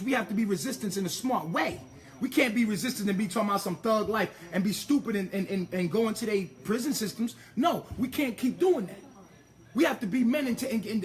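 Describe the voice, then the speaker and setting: A man's voice: high voice, fairly bright tone. A man delivering an impassioned, profane monologue, emphatic and ranting, tripping over repeated words as he pushes his point.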